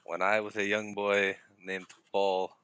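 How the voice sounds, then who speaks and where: A man's voice: on the low side, flat delivery, measured pace, fairly bright tone, clean tone, voice pushed down. A man putting on a rambling impression of an older male baseball manager giving a locker-room pep talk in a mangled French-Italian accent. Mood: hammy pep talk. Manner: hammy, rambling impression that keeps slipping. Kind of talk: comedic improvised bit on a podcast.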